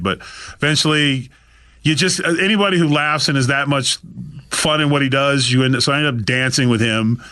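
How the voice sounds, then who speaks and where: A man spins an animated story as a podcast guest, jumping into the voices of the people he quotes. His tone is bright and forceful. The sound is dry and close. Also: a little fast, dry recording. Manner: acts out quoted voices with big pitch jumps. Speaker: guest, author.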